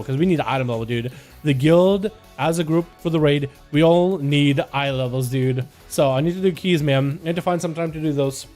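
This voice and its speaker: A man's voice: a little high, darkish tone. A male streamer doing live game commentary and casual chat with viewers, laid-back and slangy.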